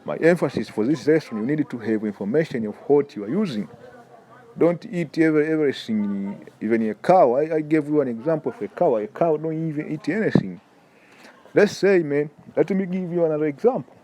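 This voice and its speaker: A man's voice: fairly high pitch, expressive, brisk, dark tone. A man with a Tanzanian accent giving an informal preaching lesson, emphatic and repetitive, often stumbling over repeated words and calling the listener "man". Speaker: religious health teacher.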